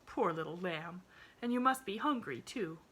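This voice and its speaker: A woman's voice: on the low side, expressive, moderate pace, fairly bright tone, breathy edge. A woman voicing a flustered, kindly young housemaid with rustic, folksy speech and frequent exclamations.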